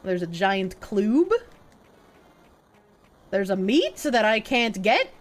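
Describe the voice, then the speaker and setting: With a mid-range, sing-song voice and a slow pace, a young woman plays a video game on a live stream. She keeps up casual, profane banter and jokes with her chat.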